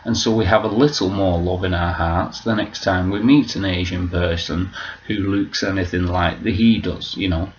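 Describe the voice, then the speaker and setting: A low-voiced man in a casual vlog, rambling loosely and swearing freely. The recording is dull and lo-fi. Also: steady tone, normal speed, a little hiss or hum. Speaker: vlogger.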